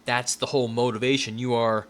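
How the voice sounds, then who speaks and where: A man's voice: mid-range voice, flat delivery, fairly quick. A man giving an informal lecture in a loose, conversational way, often checking in with "right?" and restarting his sentences.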